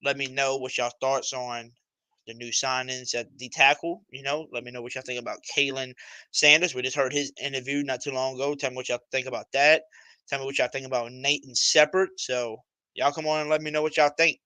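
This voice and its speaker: A man's voice: medium pitch, little pitch movement, a little fast, pushed and bright, clear, resonant tone, no echo, low-quality recording. A man hosting a casual sports talk livestream, speaking emphatically and with plenty of slang and repetition. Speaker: livestream host.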